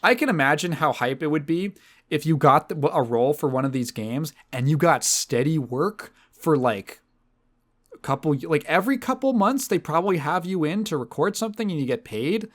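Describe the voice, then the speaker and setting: Guy podcast host rambling along, voice a bit high, bounces all over the place. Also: moderate pace. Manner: animated, rambling storytelling. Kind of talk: casual chat.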